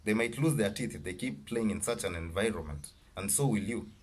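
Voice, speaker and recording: A man voicing a menacing, deadpan bearded stranger in a spoken story. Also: fairly low pitch, fairly quick, husky. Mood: warning. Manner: flat, cold delivery.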